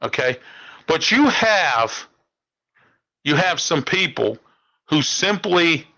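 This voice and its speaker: A man's voice: fairly high pitch, sing-song, slow pace, vocal fry, bright, forceful tone, poor audio. A man, hosting a talk show and delivering an indignant political monologue, ending phrases with "okay?". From Pittsburgh area. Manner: ranting, indignant, repeats "okay?" and "all right?".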